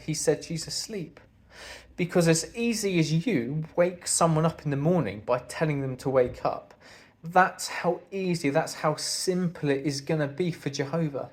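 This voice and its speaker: A man delivers a sermon talk to his congregation in an earnest, conversational way. His voice sits a little high for a man. He keeps putting rhetorical questions to the listeners. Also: a little mellow. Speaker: congregation speaker.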